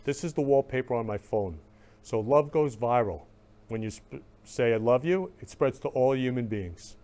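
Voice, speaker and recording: A man's voice: medium pitch, animated, normal speed, dark tone. A male talk-show host in live-stream chat, effusive and emotional, repeating loving greetings over and over. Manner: emotional, gushing.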